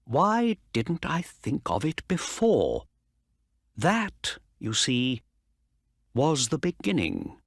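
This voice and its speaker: A man voicing a calm, clever middle-aged male detective who explains things patiently. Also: medium pitch, slow pace, no room sound, studio quality, pitched above the performer's own voice, full character voice. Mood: explaining.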